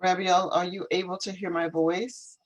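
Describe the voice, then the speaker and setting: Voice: medium pitch, flat delivery, moderate pace, poor audio. An English teacher hosting a casual live stream over a video call, thinking aloud and repeating questions while fixing the setup. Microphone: computer video call.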